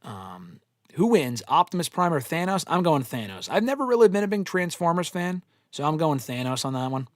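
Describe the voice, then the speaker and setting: A man's voice: on the high side, big pitch swings, moderate pace, dry recording, studio quality. A man hosting a live fan Q&A, talking bluntly with plenty of swearing and rambling opinions. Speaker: host answering fan questions. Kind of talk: live casual Q&A stream.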